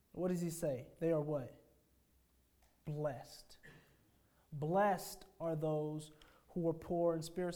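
A man, a pastor, preaching a sermon emphatically, asking his congregation rhetorical questions and swinging between hushed phrases and forceful declarations. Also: a little high.

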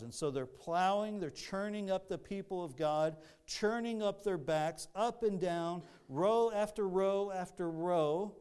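A man's voice: high voice, a little mellow, clean tone. A man preaching a sermon in an earnest way, often repeating words and restarting his sentences. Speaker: pastor.

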